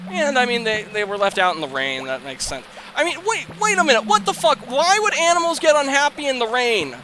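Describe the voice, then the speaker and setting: With a very high voice that swings widely in pitch, this young man talks a little fast as he plays a farming game for his let's play. Noise sits in the background while he rambles, curses, and erupts into exasperated yelling and laughter.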